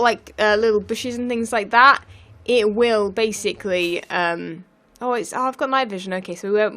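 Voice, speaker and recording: A woman with a slightly hoarse morning voice, chatting casually while commentating on her gameplay. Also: mid-range voice, fairly bright tone. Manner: chatty, rambling with restarts. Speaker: Let's Play host.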